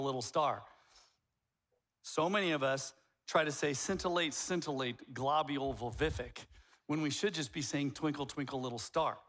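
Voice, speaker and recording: Bright-voiced guy preaching, acts out arguments, goes hushed then yells, bit high. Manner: animated, acts out both sides of arguments, swings from hushed to shouting. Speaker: pastor. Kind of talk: sermon.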